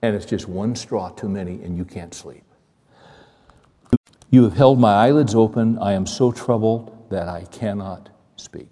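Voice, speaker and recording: A male pastor preaching a sermon in a conversational, animated way, repeating phrases and asking the congregation questions. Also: lowish voice, measured pace, slightly rough. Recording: long hall reverb.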